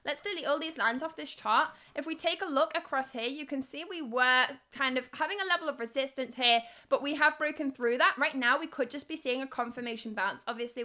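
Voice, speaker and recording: A young woman with a Liverpool (Scouse) accent hosts a live crypto news stream, chatting away and reading viewer comments aloud. Her voice sits high and sounds pushed and bright.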